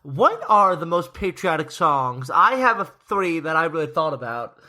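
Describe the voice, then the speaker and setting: A man's voice: fairly high pitch, lively intonation, normal speed, pushed and bright. A young man co-hosting a podcast in casual, joking chat. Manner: playful, jokey, puts on hype voices. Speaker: podcast co-host.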